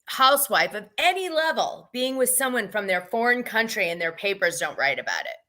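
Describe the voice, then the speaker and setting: A woman hosting a relaxed gossip live stream, chatting frankly and laughing a lot. Her voice is bright and forward, sitting at a middle pitch, with a loose, conversational flow. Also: a little fast. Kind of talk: casual gossip chat. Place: home, Los Angeles area.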